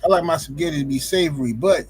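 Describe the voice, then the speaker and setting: A man's voice: on the high side, quick pace, slightly rough, rough recording. A man in a laid-back, rambling casual podcast chat.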